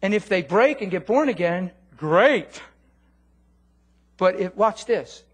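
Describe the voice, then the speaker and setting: A man preaching a sermon in a church, animated, swinging from loud commands to low, quiet appeals. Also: slow, husky. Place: church hall.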